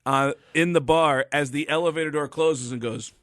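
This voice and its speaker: A man who is a comedian guest on a podcast, telling lively anecdotes and acting out the voices of people he quotes. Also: fairly high pitch, normal speed, dry recording. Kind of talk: podcast storytelling. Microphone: studio microphone.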